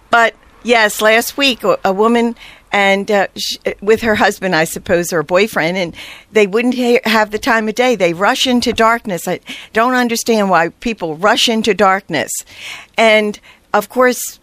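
A woman guest telling heartfelt stories in an earnest, halting conversational way, with frequent fillers. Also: medium pitch, a bit bright, no room sound.

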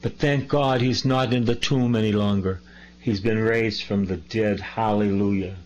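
Man, sermon, very slow deliberate reading, emphatic asides, muffled lo-fi sound. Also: fairly low pitch, steady tone. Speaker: priest. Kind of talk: sermon reading and commenting on scripture. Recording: dull lo-fi recording.

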